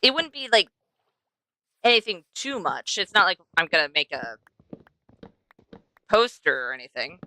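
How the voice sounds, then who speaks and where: A woman's voice: lowish voice, big pitch swings, a little slow, pauses often, bright, forceful tone. A young woman streaming a game, chatting to herself and to the animals she passes as she plays. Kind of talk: casual gameplay commentary.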